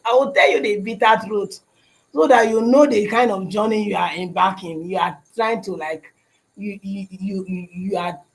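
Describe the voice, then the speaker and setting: Nigerian guy livestreaming from his shop, kinda high voice, keeps going "you understand?". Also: rough recording. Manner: repeats phrases, keeps asking "you understand?". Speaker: livestream host. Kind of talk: casual livestream chat.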